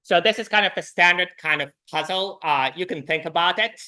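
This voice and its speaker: A man with a high voice speaks a little fast while lecturing a university programming class in a lecture hall. His delivery is relaxed and loose, full of "uh"s and restarts.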